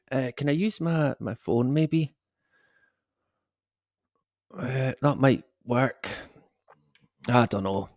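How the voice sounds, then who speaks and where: A man's voice: medium pitch, no room sound, clean studio sound. A man hosting a casual live stream from home, chatting with viewers in a rambling way and chuckling often. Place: at home, dog snoring behind him.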